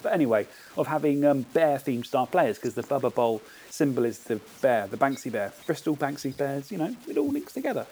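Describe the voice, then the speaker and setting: A man's voice: mid-range voice, a little fast, few pauses, a little hiss or hum, poor audio. A man, a podcast host chatting casually and reading out a playful story with relish. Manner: playful, animated storyteller who laughs at his own jokes. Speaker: podcast host, tournament organiser. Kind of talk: casual podcast chat with a read-aloud story.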